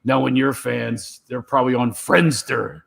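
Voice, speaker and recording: A man's voice: mid-range voice, unhurried, gravelly, a bit bright, slightly rough. A middle-aged man, a stand-up comedian, telling stories on a live stream and acting out his own reactions.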